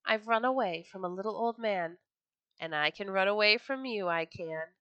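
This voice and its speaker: A woman's voice: mid-range voice, normal speed, sharp tone, no echo, dull audio, close to an everyday voice. A woman doing a cheeky taunting gingerbread boy. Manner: taunting sing-song chant.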